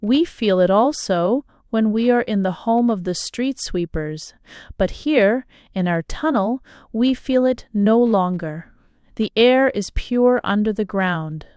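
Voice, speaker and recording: Slow, smooth-voiced woman reading aloud. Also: mid-range voice, darkish tone, no echo, clean studio sound. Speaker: audiobook reader. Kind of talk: scripted narration.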